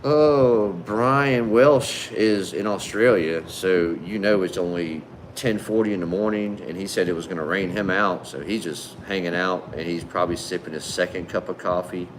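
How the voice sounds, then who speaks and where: A man with a deep, low voice chats casually on a livestream, greeting viewers with friendly, laid-back shout-outs. His speech is relaxed and conversational, peppered with "man" and "brother". A faint hum sits underneath. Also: brisk, hardly any pauses. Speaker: livestream host. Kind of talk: casual livestream chat reading viewer comments.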